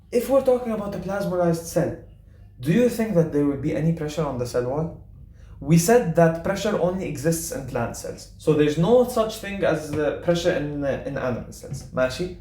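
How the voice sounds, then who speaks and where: Young guy w/ tinged tutoring bio, kinda high voice, super casual, keeps saying okay?. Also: mellow. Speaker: biology tutor. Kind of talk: explaining a quiz to students.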